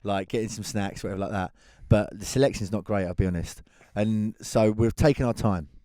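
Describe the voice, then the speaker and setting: An English man co-hosting a podcast, telling a long anecdote in a lively, laughing way. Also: lowish voice, fairly quick, dry recording, studio quality. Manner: animated storyteller, laughs through his tale. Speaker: podcast co-host. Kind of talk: casual chat, anecdote telling.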